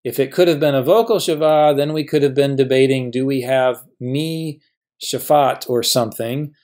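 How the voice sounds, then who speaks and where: Speaking at a normal speed and an even, steady pitch, a male professor walks through a grammar lesson. He handles each example patiently, posing questions and then answering them himself.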